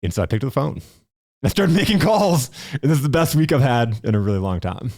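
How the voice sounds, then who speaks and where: A man's voice: mid-range voice, very fast, no room sound, clean studio sound. A man hosting a podcast, telling blunt, profane stories in casual chat. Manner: animated storyteller, blunt and profane. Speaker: podcast host.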